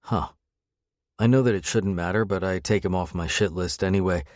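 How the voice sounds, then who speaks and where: A man reads a first-person romance audiobook in a wry, sardonic tone. His voice sits on the low side for a man. The recording is close and dry, with no room sound. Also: steady tone, normal speed, darkish tone, no room sound. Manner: wry, sardonic inner monologue. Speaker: audiobook narrator.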